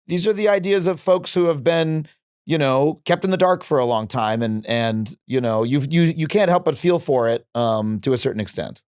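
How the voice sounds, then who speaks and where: A man's voice: on the high side, expressive, moderate pace, darkish tone, clean tone, no room sound, studio quality. A man hosting a podcast interview, talking reflectively with frequent restarts and fillers. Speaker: podcast host. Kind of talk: casual interview conversation.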